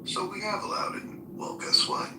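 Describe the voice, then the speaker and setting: A man co-hosting a podcast, talking politics in an animated, profane and rhetorical way. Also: normal speed, background noise. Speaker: podcast co-host. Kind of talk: casual political talk. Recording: roomy echo, far from mic.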